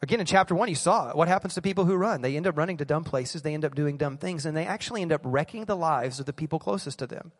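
A male pastor delivers a church sermon with a slightly high voice. He pleads earnestly and repeats key phrases for emphasis, speaking straight to the people in front of him. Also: fast talker, few pauses, in a large hall. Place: church service.

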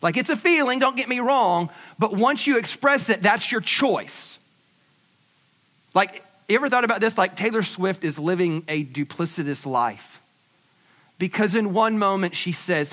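A man preaching a sermon in an animated, conversational way, slipping into quick acted asides. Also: high voice, muffled recording. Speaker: pastor.

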